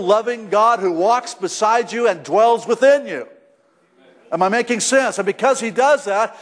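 A middle-aged male pastor preaching a sermon in a church, conversational and emphatic, rising to shouts at times. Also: sits high. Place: church sanctuary. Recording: long hall reverb.

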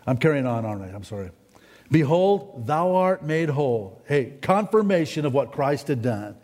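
A man preaching a sermon in a folksy, rambling way, often climbing to excited, emphatic peaks. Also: mid-range voice, moderate pace. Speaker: pastor. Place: church sanctuary. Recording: long hall reverb in a church.

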